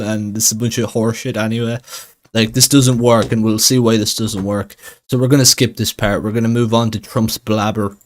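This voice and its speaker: A man from Russia talks over a clip in casual livestream commentary. He is blunt and sarcastic, and he swears freely, with an ordinary mid-pitched voice. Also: a bit bright.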